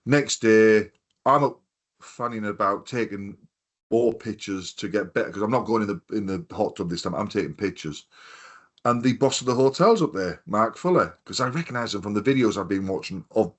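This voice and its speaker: A man's voice: lowish voice, lively intonation, moderate pace. A man in his fifties chatting casually on a podcast, telling rambling anecdotes full of swearing and quoted voices. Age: 50s. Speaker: podcast co-host. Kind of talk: casual chat, storytelling.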